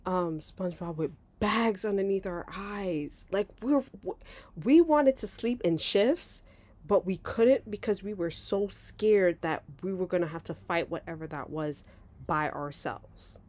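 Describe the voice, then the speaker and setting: A young woman vlogger telling a story casually, animated and laughing, acting out voices with big jumps. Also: medium pitch, a little slow, dry recording.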